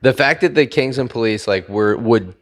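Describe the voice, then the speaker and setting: A man's voice: medium pitch, moderate pace. A man co-hosting a casual podcast chat, talking loosely with plenty of fillers, swearing and frequent laughter. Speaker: podcast co-host.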